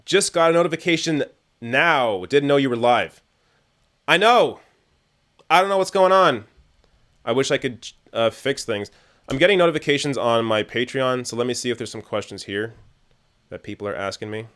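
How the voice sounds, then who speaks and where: A young Canadian man hosts a casual livestream, chatting through viewer questions with a medium-pitched, fairly quick, slightly bright voice. He laughs often and tends to trail off into fillers.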